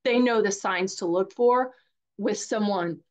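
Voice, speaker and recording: A woman's voice: mid-range voice, unhurried, darkish tone. A middle-aged woman with a Southern accent, talking candidly as a coach in a live webinar, chatty and given to repeating words. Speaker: divorce coach.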